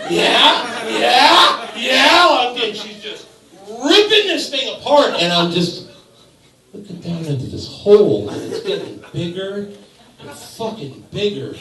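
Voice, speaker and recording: A man telling a crude story on stage as a stand-up comedian, swearing freely and breaking into loud outbursts, with audience laughter behind him. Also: a little high. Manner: profane, animated storytelling with sudden loud outbursts. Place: bar stage. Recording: echoey bar room, voice from far off.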